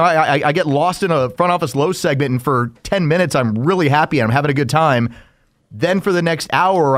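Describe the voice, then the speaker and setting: A man's voice: fairly high pitch, no echo, studio quality. A man co-hosting a casual podcast, talking in an earnest, reflective way and often repeating a word as he starts a sentence. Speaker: podcast co-host and sports radio host.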